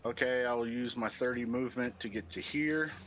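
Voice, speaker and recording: Male player, relaxed and agreeable, mid pitch, muffled lo-fi mic. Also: brisk, faint music behind. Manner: easygoing, agreeable, thinks aloud. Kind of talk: casual chat during a tabletop game.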